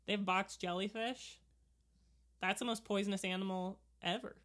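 A woman's voice: mid-range voice, steady tone, moderate pace, a bit bright. A woman co-hosting a casual chat while watching a movie, playful and joking, laughing often.

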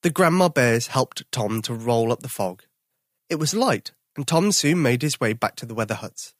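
An expressive storyteller reading a children's picture book aloud. The voice rises and falls in a lively way, and the sound is dry and close to the mic. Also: medium pitch, moderate pace, dry recording.

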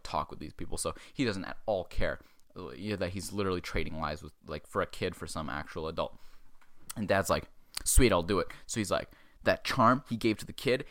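A young man with a fairly low voice talks through a film plot in a loose, excitable way, swearing freely and slipping into the characters' lines. The sound is dry and close, with no room around it. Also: dry recording. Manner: profane, excitable storytelling with quoted character lines. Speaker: podcast host. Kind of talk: casual film recap.

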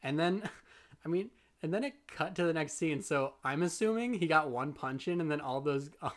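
A woman's voice: low voice, animated, normal speed. A woman co-hosting a casual podcast, laid-back and swearing casually as she recaps an anime. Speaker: podcast co-host. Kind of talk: casual chat.

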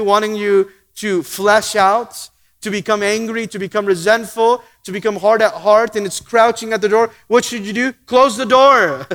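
A man preaching a sermon, slowing down to read scripture aloud and chuckling often. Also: sits high, a bit bright, big-room sound. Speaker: pastor.

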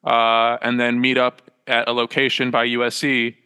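A young man, a small business owner talking from home as a podcast guest, in a halting, rambling way full of fillers and self-corrections. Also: medium pitch, level tone, pushed and bright, smooth, long reverb tail. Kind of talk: casual interview chat. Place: small room at home with a loft bed.

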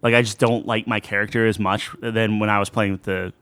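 A man with a fairly low voice chats on a podcast, often asking questions and restarting his sentences. The sound is close and dry, with no room around it. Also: little pitch movement, fairly bright tone, no echo. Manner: conversational, asks questions, halting restarts. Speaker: podcast co-host. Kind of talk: casual chat.

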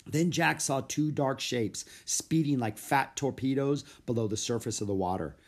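A man reading a children's storybook aloud in an expressive, lively narration. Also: mid-range voice, moderate pace. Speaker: audiobook narrator.

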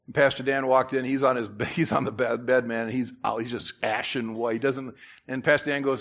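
A man preaching a sermon in church, conversational with asides and restarts, who climbs louder and higher to drive his points home. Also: little pitch movement, a little fast. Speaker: pastor.

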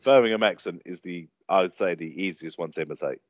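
A young man chats in an easygoing way and laughs along. His voice sits fairly low. The audio is dry and a bit lo-fi. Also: fast talker, no room sound. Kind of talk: casual chat.

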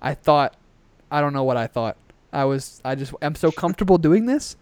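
A young man with a slightly high, clean-toned voice co-hosts a podcast at normal speed, recorded on a headset with no echo. He chats casually but rants with lots of profanity and animation.

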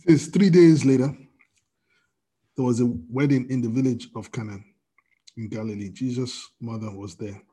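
Husky storytelling male pastor. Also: medium pitch, moderate pace, long pauses. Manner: storytelling with quoted dialogue, wide swings in loudness. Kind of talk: sermon. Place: church service via video call.

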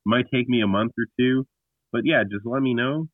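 A man's voice: mid-range voice, moderate pace, no room sound. Blunt man talking over a phone line. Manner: blunt, emphatic storyteller who often restarts. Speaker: podcast guest. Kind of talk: casual religious discussion.

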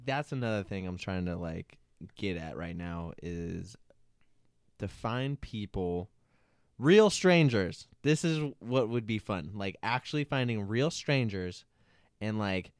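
Laid-back low-voiced young man. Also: animated, unhurried, clear, resonant tone, no room sound, studio quality. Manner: laughing, swearing, jokey banter. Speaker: podcast co-host. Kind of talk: casual chat.

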